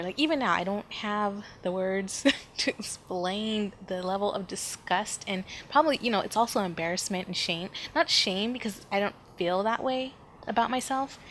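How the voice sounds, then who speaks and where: A woman hosting a podcast, telling a personal story in an animated, emphatic way, with frequent sighs and fillers. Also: medium pitch, slight background noise. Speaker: podcast host.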